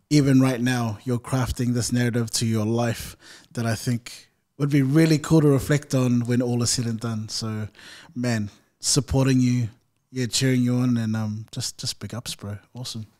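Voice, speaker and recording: A man's voice: mid-range voice, a little mellow. A man hosting an interview, encouraging and supportive, asking long, winding questions. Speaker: podcast host. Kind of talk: casual interview chat.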